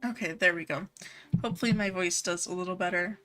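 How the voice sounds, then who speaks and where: A woman game streamer speaks quickly in a lowish, fairly bright voice over soft background music, chatting with viewers and reading their messages. She's casual and chatty, laughs easily, and uses "like" and "um" a lot.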